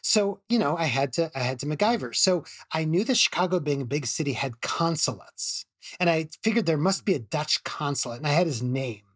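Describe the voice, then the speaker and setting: A man's voice: on the high side, expressive, brisk, a bit bright, dry recording, studio quality. A middle-aged man, an emergency physician, telling a story casually with many restarts and laughs.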